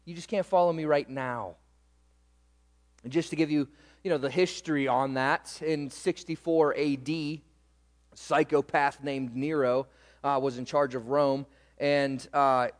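A man preaching a sermon as pastor, swinging between loud emphasis and quiet, low asides. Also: steady tone, measured pace, big-room sound.

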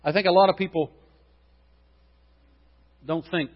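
A male pastor preaching a sermon, swinging between loud emphatic preaching and quiet joking asides. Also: sits high, steady tone, measured pace. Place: church sanctuary. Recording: dull sound with long hall reverb.

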